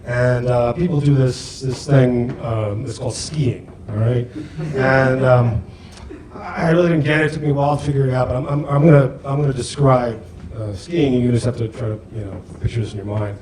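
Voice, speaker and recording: A middle-aged man doing a stand-up routine on a comedy club stage, halting and self-deprecating, with many fillers. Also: medium pitch, crowd noise. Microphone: handheld mic. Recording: echoey club with room noise.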